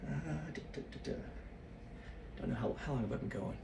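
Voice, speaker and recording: A lower-pitched man in his fifties thinks aloud in a rambling way, slightly out of breath as he shakes his body. He sits a little back from the mic in an echoey room with faint background noise. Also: brisk, creaky, distant mic. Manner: rambling, loses his train of thought. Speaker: solo practice vlogger. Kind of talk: thinking aloud while exercising.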